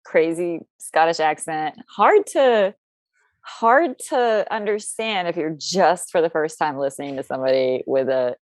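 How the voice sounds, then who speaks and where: A woman with a low voice talks in a loose, rambling way on a podcast, often breaking off and restarting her sentences. She is from the United States. The recording is dry and close, with no room sound. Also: animated, measured pace, no echo. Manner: rambling and chatty with many restarts. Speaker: podcast guest. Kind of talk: casual podcast chat.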